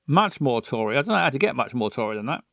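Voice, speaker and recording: A man's voice: mid-range voice, big pitch swings, quick pace, creaky, a bit bright, no room sound, studio quality. A man giving rambling, sweary commentary as he plays a story game and makes up voices for it. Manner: scattered, muttering, sweary asides. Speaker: game player. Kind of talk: let's play commentary.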